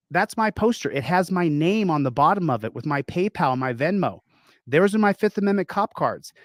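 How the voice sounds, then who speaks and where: Indignant man ranting, slightly high voice. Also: no echo. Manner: indignant, accusing, threatening. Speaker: streamer. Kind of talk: angry live-stream rant.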